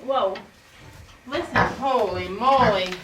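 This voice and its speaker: Woman, 30s, farm vlogger: chatty, giggly, higher voice, outdoor handheld camera with faint background noise. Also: takes it slowly. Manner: chatty and giggly, talking to viewers while doing chores. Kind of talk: casual vlog chat. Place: outdoors in a snowy farm pen.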